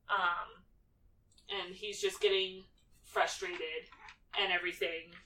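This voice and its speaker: A woman's voice: mid-range voice, bright, forceful tone. A young woman co-hosting a podcast, casually recapping a film in a breezy way, swearing now and then and acting out characters. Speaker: podcast co-host. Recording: distant mic, faint background noise.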